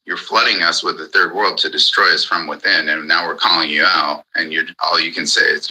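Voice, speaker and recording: A man's voice: deep voice, fairly even intonation, fairly quick, hardly any pauses, pushed and bright, husky, poor audio. A man in an angry, profane ranting monologue on a live audio chat, hammering the same points again and again. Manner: furious, profane, repetitive.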